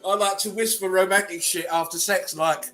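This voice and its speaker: A man's voice: high voice, fairly even intonation, moderate pace, loud music behind the voice. A man casually reading memes aloud as host, laughing often between them.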